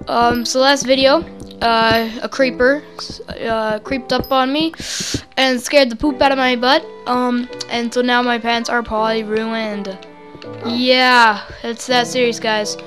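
Bubbly woman rambling over gameplay, high voice, goofy and hyper. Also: a bit bright. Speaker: gaming channel host. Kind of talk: casual gameplay commentary. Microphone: desk mic close to the mouth.

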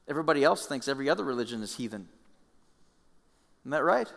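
A man preaching with a bright, forceful voice, chatty and animated as he tells the story, often restarting phrases. His words trail off into the long reverb of a church hall. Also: mid-range voice, fast, creaky, pauses often. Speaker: pastor. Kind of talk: sermon.

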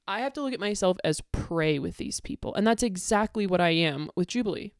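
Angry swearing woman, low dry voice. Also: expressive, a little fast, few pauses, dry recording. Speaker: content creator. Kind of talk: ranting monologue to camera.

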